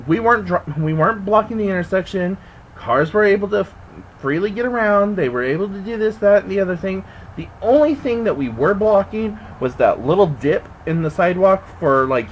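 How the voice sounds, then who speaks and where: A man telling a story in a casual vlog, animated and indignant, swearing and jumping high in pitch when he quotes himself. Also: a little hiss or hum, rough recording. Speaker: vlogger. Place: indoors at home.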